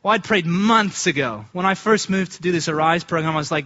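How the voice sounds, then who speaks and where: A man from the United States shares a personal testimony with a congregation in a lively storytelling way. His voice is bright and a touch high, and he jumps up in pitch when he acts out what people said. The recording sounds dull and lo-fi. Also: fairly quick, few pauses. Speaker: church speaker giving testimony.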